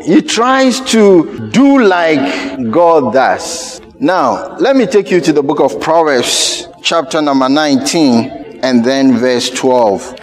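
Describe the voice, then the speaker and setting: A man preaching a sermon, shifting between rapid asides, sudden shouts and slow, drawn-out emphasis on key words. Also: on the high side, big pitch swings, faint music behind.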